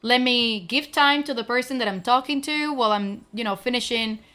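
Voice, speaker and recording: A woman's voice: fairly high pitch, moderate pace, sharp tone. A young adult woman streamer talking to her viewers in an emotional, gushing way, teary and close to crying, with lots of fillers. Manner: tearful, gushing, many fillers. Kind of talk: emotional casual chat to viewers.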